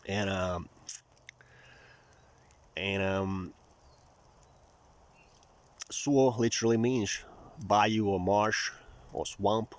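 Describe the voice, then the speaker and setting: Finnish man, Finnish native, Southern twang English, lowish voice, wry digressive vlog chatter. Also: extremely slow, pauses often. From Finland. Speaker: vlogger. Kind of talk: rambling casual monologue. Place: outdoors near marshland.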